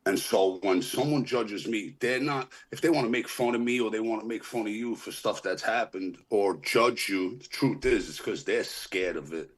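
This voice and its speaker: A man's voice: fairly low pitch, moderate pace, few pauses. A man sharing earnestly and reflectively at a recovery meeting over a video call. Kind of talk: casual recovery meeting share.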